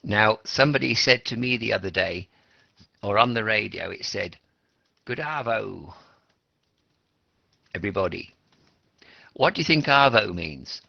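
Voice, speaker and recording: A man's voice: fairly low pitch, lively intonation, moderate pace, gravelly, pushed and bright, no room sound. A middle-aged Australian man teaching an English class, explaining patiently and asking students questions. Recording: lo-fi classroom recording.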